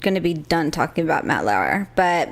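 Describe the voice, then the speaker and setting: A woman's voice: deep voice, sing-song, moderate pace. A middle-aged woman co-hosting a podcast in casual chat, prompting her sister with questions, short agreements and laughs. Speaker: podcast co-host.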